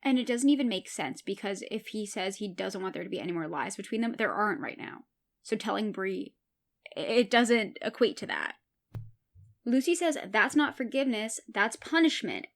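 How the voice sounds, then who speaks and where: A woman hosting a podcast, retelling and reacting to a TV episode in an animated, chatty way. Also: medium pitch, normal speed. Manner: chatty, animated, laughs while retelling scenes. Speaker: podcast host. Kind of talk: casual episode recap.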